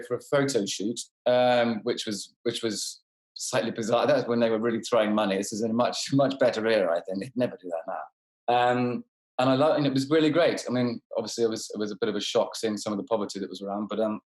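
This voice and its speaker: A man's voice: mid-range voice, fast talker. A man being interviewed as an actor guest, chatting casually in a rambling, self-deprecating way with many restarts. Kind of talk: casual interview over a call. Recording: roomy room sound.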